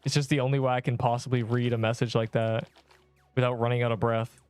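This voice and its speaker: Faint music plays behind a young man streaming a video game, who chats casually, rambling and using slang as he talks to his viewers. His voice is mid-range, fast, level and darkish, with a clean tone.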